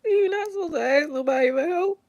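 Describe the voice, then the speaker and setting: High-voiced woman crying through a confession. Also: darkish tone, muffled recording. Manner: tearful, halting, pleading. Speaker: vlogger. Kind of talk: emotional confessional vlog.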